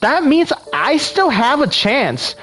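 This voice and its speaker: A man's voice: extremely high pitch, very animated, takes it slowly, a bit bright, voice pushed up, full character voice, rough recording. A man voicing an anxious young woman lost in a strange world, reading game text in a put-on Valley Girl accent with rising, upswinging lines.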